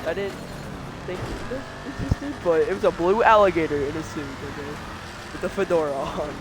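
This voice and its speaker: A man's voice: on the high side, fairly quick, background noise. A man co-hosting a podcast, telling a story in a rambling, casual way, full of fillers and bursts of laughter. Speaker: podcast co-host.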